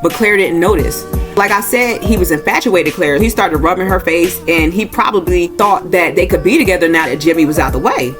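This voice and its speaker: Speaking briskly and with animation over music, a woman delivers a casual plot recap and review. Her talk is loose and informal, full of "y'all," and she acts out characters' lines in a raised voice with rising pitch.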